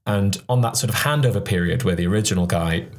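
A man's voice: sits low, fast talker. A man, a podcast host talking loosely with many fillers in a casual interview. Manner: loose, filler-heavy storytelling.

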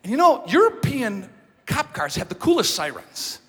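A male pastor telling a story from the pulpit in an animated, self-mocking manner, with a breathy voice in a large hall. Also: very high voice, moderate pace. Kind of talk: sermon storytelling.

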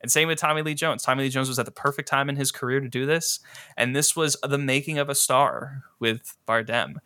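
A man co-hosting a casual film discussion, animated and full of filler words. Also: mid-range voice, fairly quick, dry recording.

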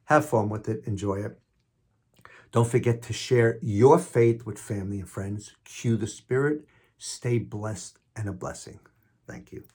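A man's voice: lowish voice, unhurried, darkish tone, breathy edge. A man in his sixties with a Queens New York accent hosts an inspirational podcast, reading affirmations with emphatic stress on key words and chatting casually between readings. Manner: chatty and self-deprecating in asides. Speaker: podcast host.

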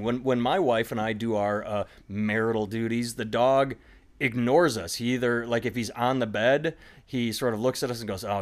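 Rambling, animated male podcast host. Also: medium pitch. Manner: rambling, animated storytelling with sudden voiced impressions. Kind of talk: casual comedy podcast chat.

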